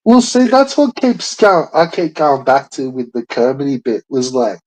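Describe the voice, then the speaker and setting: This is a man chatting casually with a friend. He talks in a relaxed, easygoing way, swears often and drifts into rambling stories. His pitch sits in a middle range. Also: normal speed, rough recording. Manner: swears freely, laid-back banter. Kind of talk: casual chat.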